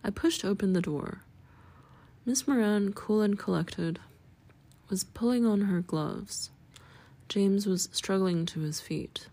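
Female audiobook narrator, measured and steady, low dark tone. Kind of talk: audiobook reading of a story.

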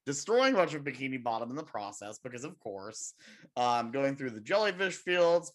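A man's voice: medium pitch, fairly bright tone. A man hosting a casual podcast, retelling things in long rambling runs. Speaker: podcast host.

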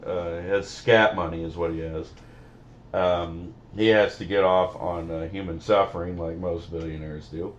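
Man, podcast co-host, deep voice, profane, rambling, joking, lo-fi sound. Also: fairly even intonation, normal speed, slight background noise. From Missouri. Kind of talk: casual banter.

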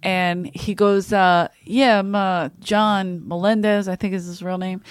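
A woman's voice: medium pitch, level tone, measured pace, clean tone, dry recording, studio quality. A woman hosting a podcast in casual chat, telling stories with swearing and frequent laughs. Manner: chatty storyteller, swears freely, laughs often. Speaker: podcast host.

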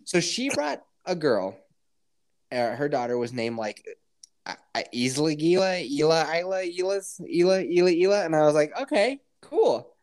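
A woman podcast co-host telling a story in casual chat over a remote call, profane and animated, laughing often. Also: low-pitched, normal speed.

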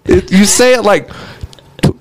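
A man's voice: sits high, dry recording. A man hosting a casual interview, easygoing and teasing his guest. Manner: easygoing, teasing, drawn-out "yeah" replies. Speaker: podcast host.

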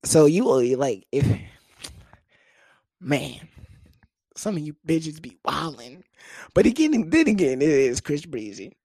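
Animated, profane young man telling a story. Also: slow, pauses often, dry recording. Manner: profane, animated, jumps into high-pitched voices for quoted people. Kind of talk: casual storytelling monologue.

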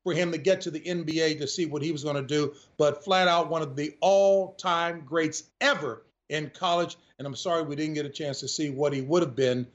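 A man telling lively stories as a guest in a radio interview, often addressing the host. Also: fairly high pitch, fairly quick, few pauses, highs cut off. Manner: lively storyteller who keeps addressing the host. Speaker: sportscaster and guest.

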